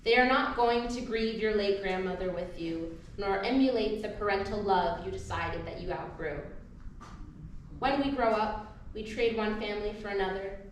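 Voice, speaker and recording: Woman reading poetry in an echoey hall. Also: medium pitch. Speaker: spoken-word poet. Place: live poetry event venue. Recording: very echoey hall, mic far off, faint noise.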